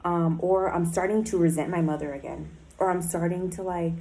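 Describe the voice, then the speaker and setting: Blunt, warm-voiced woman speaking openly. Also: fairly low pitch, steady tone, normal speed, poor audio. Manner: blunt and emotional, swears often, many fillers. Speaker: person in a recovery program. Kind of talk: candid personal diary talk.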